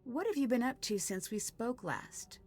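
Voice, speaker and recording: A curious young female detective, played by a woman in a mystery video game. She asks earnest, polite questions in a slightly high voice. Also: expressive, moderate pace, soft background music, close to an everyday voice. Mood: inquisitive.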